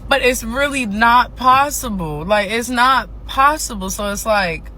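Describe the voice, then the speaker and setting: An exhausted woman rants in a casual monologue. Her voice is bright and forward, and she circles back over the same frustrations with frequent swearing. Faint noise sits behind her. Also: a little high, animated, a little slow. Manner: frustrated, swears a lot, repeats herself. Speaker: TikTok ranter.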